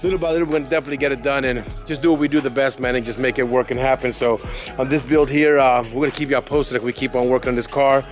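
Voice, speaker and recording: A man from New York who owns a car audio shop, chatting casually in a vlog with loud, joking, slang-heavy banter. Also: medium pitch, fairly even intonation, rapid-fire, soft background music.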